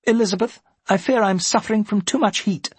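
A man voicing a disapproving older aunt in a period story, with a prim, sharp manner. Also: sits high, fairly quick, husky, no echo, pitched above the performer's own voice.

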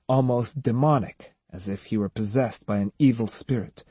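Expressive guy reading an audiobook, husky and kinda dark, dry close sound. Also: medium pitch, normal speed, no echo. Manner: expressive, acts out each character. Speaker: audiobook narrator. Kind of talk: scripted narration.

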